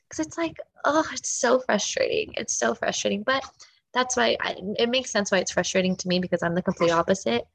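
Woman, podcast host, spiritual coach, gravelly fry, emphatic, gushing, animated. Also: fairly high pitch, a little fast. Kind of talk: casual chat. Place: home, with a dog running around.

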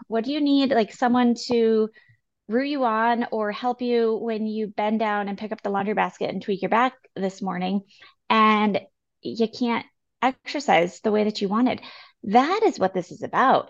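A woman co-hosting a casual health podcast, talking in an earnest, encouraging way and quoting people in quick asides. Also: mid-range voice, muffled recording. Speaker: podcast co-host.

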